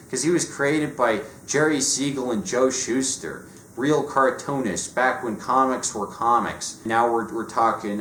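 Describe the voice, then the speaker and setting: A man's voice: medium pitch, fairly bright tone. A man ranting sarcastically and profanely as he reviews comics. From United States. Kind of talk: casual rant review. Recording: echoey room with faint noise.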